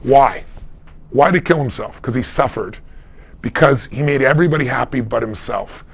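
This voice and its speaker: A man's voice: medium pitch, normal speed, creaky, slightly rough. A middle-aged man, a life coach, giving advice in a live question-and-answer talk, telling stories with emphasis and acting out the people he quotes. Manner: emphatic storytelling, acts out quoted voices.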